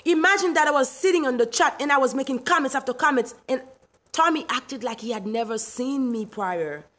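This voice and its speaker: Middle-aged Haitian woman, fairly high voice, emphatic and indignant, laughs easily; livestream host. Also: fairly quick, fairly bright tone. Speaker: live stream host. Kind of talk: livestream rant reading chat.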